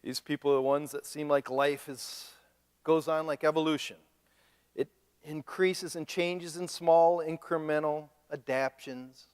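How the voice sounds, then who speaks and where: Man, pastor, sermon, animated, joking, higher voice, long church-hall reverb. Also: measured pace, clear, resonant tone. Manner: animated, joking, mimics other people. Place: church sanctuary.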